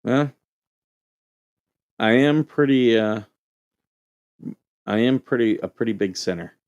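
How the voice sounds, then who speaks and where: A man who served as a Marine, hosting a casual call-in show and telling a story in a relaxed, rambling way with lots of fillers. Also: medium pitch, slow pace, no room sound, muffled recording. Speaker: show host, Marine veteran.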